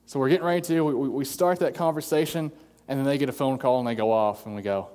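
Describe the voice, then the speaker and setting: A man's voice: mid-range voice, fairly even intonation, fast talker, a little mellow. A man preaching an earnest sermon as pastor, acting out quoted voices as he goes. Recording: long hall reverb.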